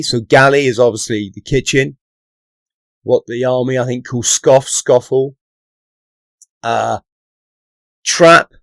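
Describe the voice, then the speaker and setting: Here the same ex-commando channel host, a man born in London and brought up in England's Southwest, spins relaxed stories for the camera in a mid-range voice on a dry recording. His talk is chatty and studded with "right?" as he checks in with viewers.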